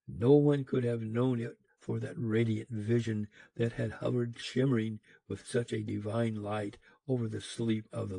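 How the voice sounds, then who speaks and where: A man narrating an old fairy tale in a slow, expressive reading. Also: medium pitch, creaky, slightly rough, no echo. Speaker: audiobook narrator. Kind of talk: storybook narration.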